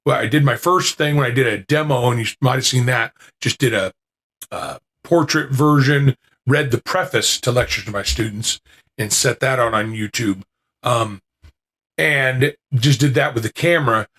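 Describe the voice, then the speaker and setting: A man's voice: mid-range voice, moderate pace, a bit bright. A man hosting a podcast, chatting casually to listeners in a rambling way, with lots of fillers and restarts, into a podcasting mic with noise reduction. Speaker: podcast host.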